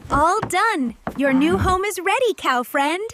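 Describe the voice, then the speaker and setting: A woman voicing a friendly, helpful little piglet in a children's cartoon, in a gentle, soothing, sing-song way. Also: very high-pitched, expressive, a little slow, background noise.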